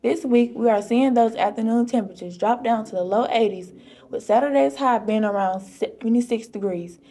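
A teenage girl, a student weather anchor, reading a scripted forecast at a steady pace. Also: a little high, normal speed. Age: teens.

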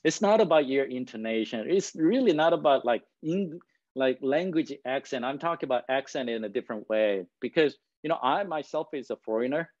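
Here a man with a mid-range, slightly mellow voice gives a brisk, expressive presentation as a guest speaker, English not being his first language. He often asks "right?" and chuckles at himself from time to time while keeping things conversational. There's no echo, but the audio sounds dull.

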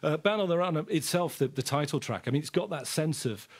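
Fast-talking husky male interviewer. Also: fairly high pitch, animated. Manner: quick, informal questions with restarts. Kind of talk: radio interview.

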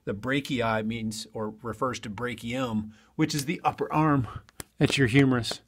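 A male teacher records an online lesson at a table and talks straight to his students in a chatty, loose way. His voice sits at a middle pitch for a man. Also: steady tone, normal speed, a bit bright, a little hiss or hum.

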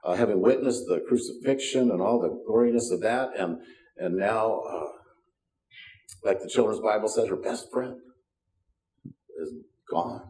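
Folksy older pastor in a roomy church. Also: male voice, lowish voice, normal speed, pauses often, darkish tone. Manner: folksy and self-deprecating, with wry asides. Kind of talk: sermon. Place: church sanctuary. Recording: roomy sound from a distance.

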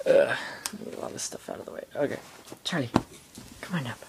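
A teenage boy rambling through a casual home vlog into his iPod camera, halting and full of fillers. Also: mid-range voice, steady tone, gravelly, a little hiss or hum. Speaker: vlogger.

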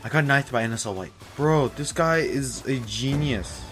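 A man giving live commentary over a game into a headset, gushing and excitable like a starstruck fan. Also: medium pitch, normal speed, soft background music. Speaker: gaming YouTuber.

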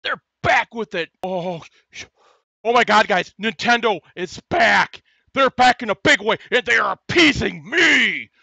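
Excitable gravelly-voiced middle-aged man. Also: sits high, a little slow, no room sound. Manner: excitable, gasping and shouting with glee. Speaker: YouTube gamer reacting to a trailer. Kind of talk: excited reaction vlog.

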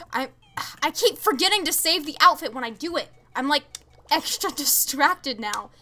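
High, bright-voiced gushing young woman streamer. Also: a little slow. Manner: gushing and stammering, excitable. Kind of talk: casual live-stream chat.

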